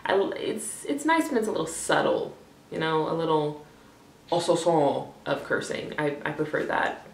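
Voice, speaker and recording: A young woman rambles candidly to her camera, swearing often and filling gaps with ums and likes. Her voice sits low with a gravelly fry. The sound is roomy and echoey, as if the camera sits a little way off. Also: animated, measured pace. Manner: rambling, candid, swears freely, many fillers. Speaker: vlogger. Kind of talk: casual talking-head vlog. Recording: echoey room, voice a bit far from the mic.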